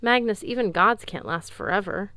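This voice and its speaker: A woman voicing a calm, gentle male god speaking formally to his son. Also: mid-range voice, no echo, close to an everyday voice. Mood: solemn. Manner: solemn, measured, formal.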